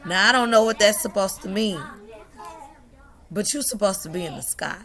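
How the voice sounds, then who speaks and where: A woman's voice: mid-range voice, moderate pace, long pauses, a bit bright. A young woman telling a personal story to the camera, emotional and laughing, at times tearful. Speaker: vlogger.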